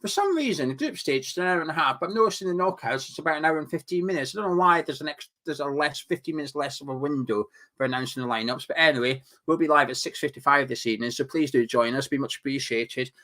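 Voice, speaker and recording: A man co-hosting a casual football chat, jokey and brisk, plugging the channel between bits. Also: a little high, bright, forceful tone. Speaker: co-host.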